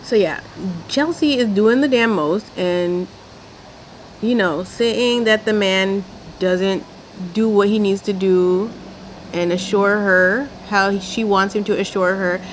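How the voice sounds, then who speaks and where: A sassy young woman delivers a blunt, outspoken reality show recap at home while doing her makeup. Her pitch sits in a middle range for a woman, and a faint background noise sits behind her. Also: slow, rough recording. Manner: sassy, blunt and outspoken, sprinkling in mild swearing. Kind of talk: casual commentary.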